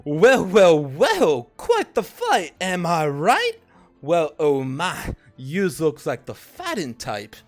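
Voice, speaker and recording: A flamboyant, wheedling arena promoter, put on by a man in a tabletop game, with a high voice that swings lively up and down. He drawls like a showman and says "yous". Faint music plays behind him. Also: takes it slowly, heavily acted. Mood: showy.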